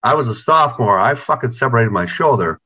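In a casual video-call interview, this band's guitarist, a middle-aged New Yorker, rambles through profane stories and keeps repeating words. He speaks a little fast in a bright, forceful, expressive mid-range voice with a breathy edge.

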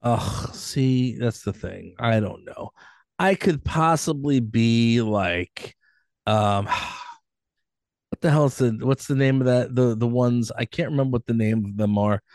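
A man's voice: mid-range voice, slow, a little mellow, no room sound, clean studio sound. A man co-hosting a podcast, chatting casually and joking, often acting out silly voices. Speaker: podcast co-host. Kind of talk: casual chat.

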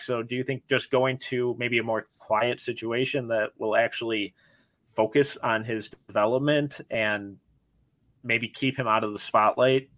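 A man's voice: medium pitch, fairly bright tone, no room sound. Dry, close-miked man hosting. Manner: asks long, layered questions. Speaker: podcast host. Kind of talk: casual sports podcast hosting.

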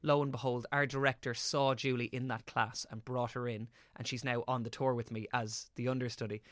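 Bright-voiced young actor telling stories. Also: male voice, medium pitch, a little fast, no room sound, studio quality. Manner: animated anecdotal storytelling with casual swearing. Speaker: actor guest. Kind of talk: casual podcast chat.

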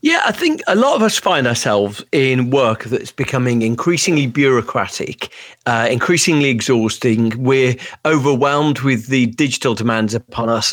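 A man's voice: mid-range voice, no echo, studio quality. Birmingham-accented man explaining with animation. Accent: Birmingham English. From Birmingham, England. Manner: articulate, with small restarts. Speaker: author and guest. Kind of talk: conversational interview.

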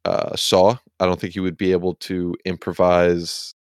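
A man's voice: low-pitched, completely flat delivery, normal speed, clear, resonant tone, dry recording. A man co-hosting a casual sports podcast, rambling and swearing casually, with a self-deprecating streak and the hiccups. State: has the hiccups. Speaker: podcast co-host.

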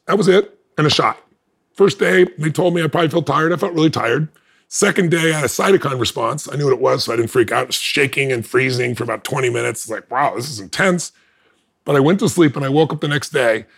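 Male guest, fast and emphatic, higher-pitched, acts out quotes. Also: gravelly. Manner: acts out others' lines in changing voices; emphatic, laughs between lines. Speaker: podcast guest. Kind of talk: animated personal storytelling.

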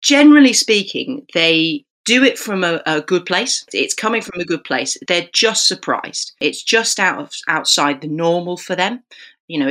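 A woman who is a football referee, chatting as a podcast guest and telling stories with lively acted quotes. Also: deep voice.

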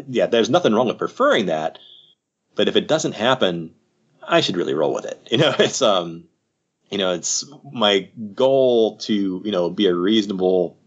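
A very deep-voiced man with a husky edge explains his thinking as a podcast guest, rambling and casual and padding his points with "you know." The audio is slightly muffled and lo-fi. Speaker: psychiatrist guest.

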